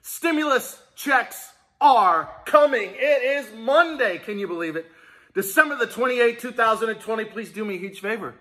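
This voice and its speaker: His very high voice is expressive, pushed and bright, delivered at a moderate pace. Speaking directly to his audience on his small business vlog, he rallies them with hype that shifts into emotion.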